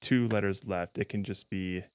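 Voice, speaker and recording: A man's voice: sits low, fairly even intonation, moderate pace. A man streaming a game, rambling and correcting himself as he stumbles over words. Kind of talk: casual gameplay commentary.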